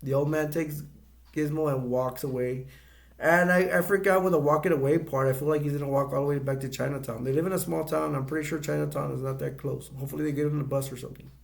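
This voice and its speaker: A middle-aged man giving a casual, rambling movie review, halting often and restarting his sentences. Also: a little high, steady tone, vocal fry.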